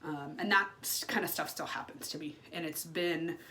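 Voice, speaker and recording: A woman's voice: low-pitched, normal speed, sharp tone, a little hiss or hum. A woman in her thirties speaking frankly in a personal vlog, swearing freely, with lots of ums and asides. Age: 30s. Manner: frank and unfiltered, swears freely, many fillers. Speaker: vlogger. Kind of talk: candid personal vlog monologue.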